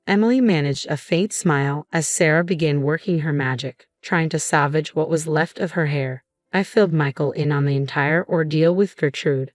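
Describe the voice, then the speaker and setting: Low-voiced woman narrating a story. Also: normal speed, hardly any pauses, dry recording, studio quality. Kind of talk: scripted first-person narration.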